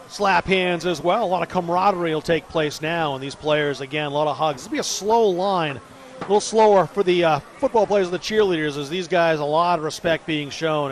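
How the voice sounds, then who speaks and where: A man calling a live high school football game play-by-play, excitable and shouting on big plays. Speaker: play-by-play commentator. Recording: loud crowd and field noise.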